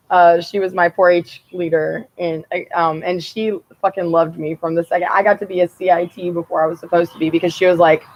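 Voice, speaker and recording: A woman's voice: fairly low pitch, dull audio. A woman telling personal stories in a blunt, rambling and profane casual monologue.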